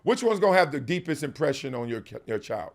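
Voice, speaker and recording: A fast-talking middle-aged host with a fairly high, sing-song voice carries an energetic talk-show monologue. He speaks emphatically in slang, laughs frequently, and mimics others mockingly in fake quotes.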